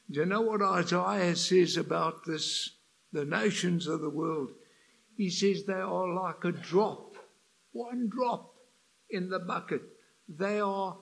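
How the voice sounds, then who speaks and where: Older preacher, gravelly and high. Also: male voice. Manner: swings between hushed and loud passionate emphasis. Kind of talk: sermon.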